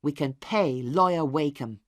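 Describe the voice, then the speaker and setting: A woman's voice: sits low, a little slow, no room sound, clean studio sound. A woman voicing a dutiful young son in an earnest, eager manner.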